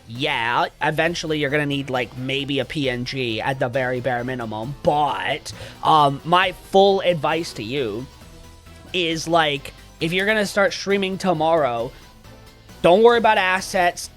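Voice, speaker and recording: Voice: medium pitch, moderate pace, soft background music. A livestreamer chatting casually with viewers, joking and launching into profane mock rants. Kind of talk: casual live-stream chat.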